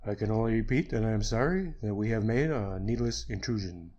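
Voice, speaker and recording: A man voicing a calm, shrewd detective in an audiobook, measured, courteous and quietly wry. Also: fairly low pitch, dull audio. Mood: dryly amused. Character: calm, shrewd male detective, dryly amused. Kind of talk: audiobook character reading.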